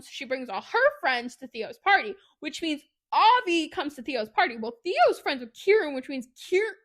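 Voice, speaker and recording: A woman co-hosting a podcast, retelling a book plot in casual, animated chat with laughs and asides. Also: high voice, normal speed. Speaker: podcast co-host.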